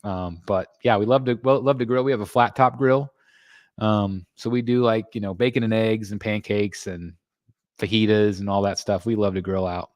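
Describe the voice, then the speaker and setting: A man's voice: moderate pace, no room sound, clean studio sound. Chatty man hosting a live stream. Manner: chatty, reads viewer comments aloud and thanks members; excitable, jumps in pitch when greeting members. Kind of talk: casual live stream chat. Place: home room.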